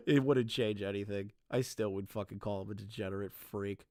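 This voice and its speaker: A man's voice: lowish voice, fairly even intonation, brisk, hardly any pauses, darkish tone, no echo, studio quality. A young man streaming live, ranting bluntly with lots of swearing and repeated phrases.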